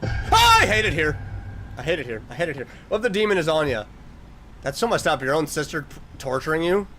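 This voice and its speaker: This man's voice is on the high side, animated and fast, with a little hiss or hum. As a let's-play host he provides running commentary on a horror game, addresses the characters and lets out yelps when startled.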